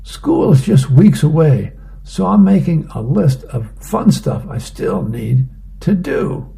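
A man's voice: a little high, big pitch swings, slow pace, vocal fry, dark tone, voice pushed up, heavily acted. A man reading the lines of a young boy in a dry, matter-of-fact way. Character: bored young boy making plans.

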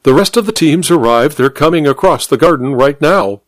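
A man voicing an aristocratic duchess, exasperated and shrill. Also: expressive, moderate pace, no room sound, natural voice. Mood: brisk. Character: distraught aristocratic duchess, woman, middle-aged.

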